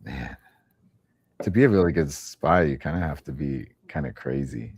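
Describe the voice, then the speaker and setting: Young male podcast host, very deep and warm, easygoing and profane. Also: expressive, moderate pace, slightly rough. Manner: laid-back, swears casually, trails off. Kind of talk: casual chat.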